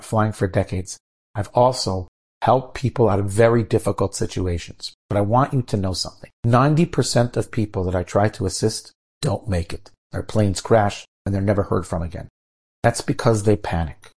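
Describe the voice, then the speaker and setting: A calm, seasoned air traffic controller, put on by a man telling a story talks in a low, warm, slightly husky voice. He gives firm, measured instructions and never sounds rushed. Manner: steady, measured, reassuring instructions.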